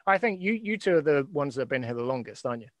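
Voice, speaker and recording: A man's voice: medium pitch, sing-song, very fast, no room sound. Rambling man hosting a casual chat. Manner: rambling, many fillers and restarts. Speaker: host.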